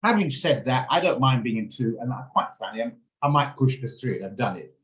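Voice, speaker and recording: A man leads a trading class over a video call. He talks quickly and hands-on, walking through each step at a middle pitch. The sound has a noticeable room echo. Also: expressive, fairly bright tone. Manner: fast, hands-on step-by-step explaining. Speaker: trading instructor. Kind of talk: live online trading lesson.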